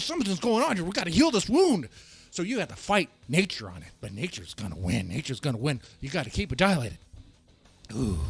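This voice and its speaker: A man hosting a ranting commentary show, heated and emphatic, who repeats himself and restarts his sentences and sometimes rises to a shout. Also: fairly high pitch, husky. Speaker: host of a reaction and rant channel.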